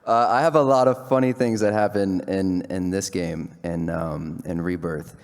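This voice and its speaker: A man with a fairly low voice tells an excited story on a live panel, building up to punchlines. His voice rings with a long reverb from a large hall. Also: normal speed, smooth. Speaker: voice actor on a convention panel. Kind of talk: casual storytelling.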